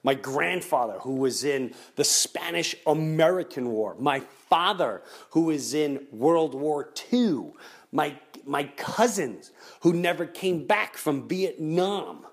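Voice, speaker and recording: Man, middle-aged, podcast host, comedic rant, lively swooping pitch, does voices of other people. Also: slow pace.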